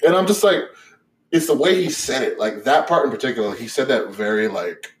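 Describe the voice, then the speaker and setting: A young man hosting a podcast, telling a story in casual chat, animated and profane, with many fillers. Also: medium pitch, fairly quick, slight background noise. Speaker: podcast host.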